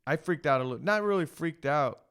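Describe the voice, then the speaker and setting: Male podcast co-host, smooth clear voice, rambling casual storyteller. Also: on the high side, animated, brisk, a bit bright. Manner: rambling storyteller, many restarts and "like". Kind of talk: casual chat.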